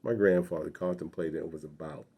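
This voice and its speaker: A man's voice: very deep voice, steady tone, a little fast, dark tone, slightly rough. A man in his sixties telling a personal childhood story in an earnest, reflective way.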